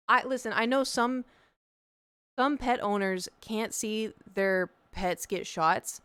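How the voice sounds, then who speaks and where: A woman's voice: mid-range voice, moderate pace, a bit bright, clear, resonant tone, no room sound. A young woman, chatting casually as a streamer and telling a story with lots of quoted dialogue.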